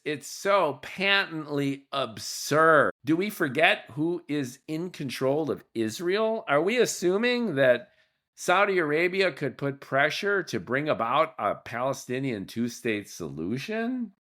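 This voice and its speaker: A man's voice: medium pitch, a bit bright. A man hosting a podcast, delivering an opinionated monologue in a blunt, emphatic way, with casual profanity and repeated points. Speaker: podcast host.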